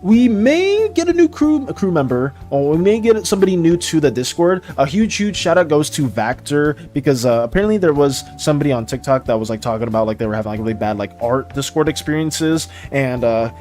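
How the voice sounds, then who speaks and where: A man's voice: mid-range voice, fast, few pauses, a little mellow, soft background music. A man streaming while he draws, chatting casually with viewers, laughing often and repeating himself. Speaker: art streamer. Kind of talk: casual livestream chat while drawing.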